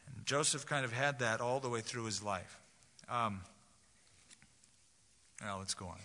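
A man's voice: medium pitch, measured pace, sharp tone. A man preaching a sermon as pastor, talking to the congregation conversationally and acting out quoted voices. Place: large church sanctuary. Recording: long hall reverb.

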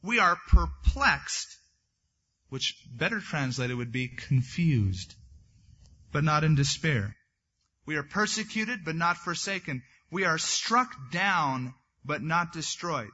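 A man's voice: on the high side, big pitch swings, takes it slowly, sharp tone, breathy edge, lo-fi sound. A man preaching a sermon as a pastor, reading scripture aloud and then breaking into conversational asides.

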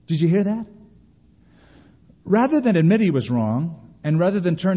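A man's voice: a little high, very animated, unhurried, long pauses, warm tone, breathy edge. A man preaching a sermon as pastor, emphatic storytelling and quoting scripture. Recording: reverberant, dull lo-fi hall recording.

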